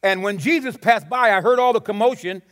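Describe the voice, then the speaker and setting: A male preacher voicing a calm, assured man who was once blind and now tells his story patiently. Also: high-pitched, a little fast. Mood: storytelling.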